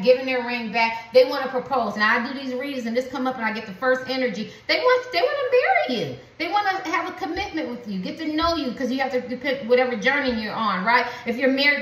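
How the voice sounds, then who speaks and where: Set back from the mic in an echoey room, a woman reads tarot for her viewers in a spiritual, rambling, repetitive way, leaning on slang and fillers. Her pitch is fairly high and her tone a bit bright.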